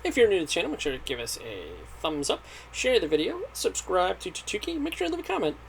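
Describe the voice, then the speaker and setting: A man's voice: sits high, wildly swooping pitch, fast, vocal fry, a little hiss or hum, poor audio. A man casually commenting while playing a game, making chatty asides for his viewers. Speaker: gaming YouTuber. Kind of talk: let's play commentary. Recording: loud game music behind.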